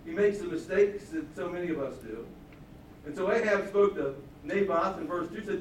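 Animated preacher in an echoey hall. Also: male voice, high-pitched, normal speed, distant mic, slight background noise. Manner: animated storytelling, acting out quotes. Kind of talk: sermon. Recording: echoey hall, mic from afar.

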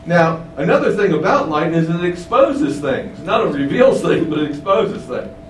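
A man's voice: on the high side, lively intonation, normal speed. A man preaching a sermon, emphatic, with many rhetorical questions, in a windowless room. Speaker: pastor. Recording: roomy, distant mic, faint hum.

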